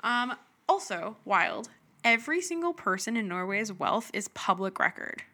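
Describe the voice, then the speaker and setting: A young woman co-hosts a podcast with a bright, forceful voice. She chats casually and playfully, cracking jokes and laughing off her own mispronounced words. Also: medium pitch, big pitch swings, normal speed. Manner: playful, jokey, mispronounces words self-mockingly. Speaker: podcast co-host. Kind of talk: casual chat.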